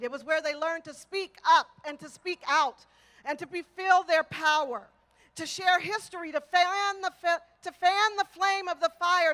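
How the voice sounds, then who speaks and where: Rousing high-voiced woman at a rally. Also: sharp tone. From Texas, United States. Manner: rousing, rhythmic repetition with crowd chants. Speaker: rally speaker. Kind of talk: rally speech with call and response. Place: outdoor rally before a large crowd.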